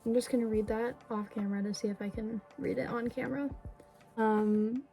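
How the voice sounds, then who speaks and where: A young woman talks casually to her camera at home, gushing over each gift and scattering fillers and sorries as she goes. Her voice sits a little high with a mellow, warm tone. Soft background music plays faintly behind her. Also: fairly even intonation, a little fast, rough recording. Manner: gushing, chatty, many fillers and apologies. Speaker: vlogger. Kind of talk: casual vlog unboxing. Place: indoors at home.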